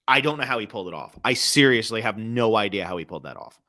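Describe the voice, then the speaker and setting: Brief: young man, podcast co-host, bright tone, lively storyteller. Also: lowish voice, fast. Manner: animated storyteller, acts out quotes. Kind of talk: casual movie chat.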